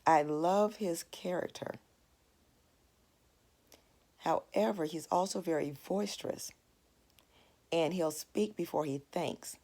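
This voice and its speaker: A woman's voice: on the low side, slow pace, long pauses, warm tone. A woman in her forties teaching a devotional Bible lesson in a conversational, earnest way, telling a family story to make her point. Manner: earnest, storytelling with plain everyday asides.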